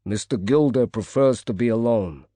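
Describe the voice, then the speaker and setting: A man's voice: medium pitch, normal speed, dark tone, dry recording, natural voice. A man doing a growling Brooklyn bodyguard. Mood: gruff. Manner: growling, curt. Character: gruff burly male bodyguard.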